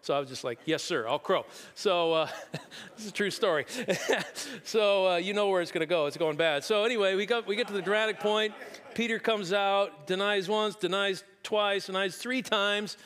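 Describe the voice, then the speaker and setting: A man preaching a sermon, telling a story and reading scripture slowly and deliberately. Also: high voice, fairly bright tone. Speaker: pastor. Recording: long reverb of a large room.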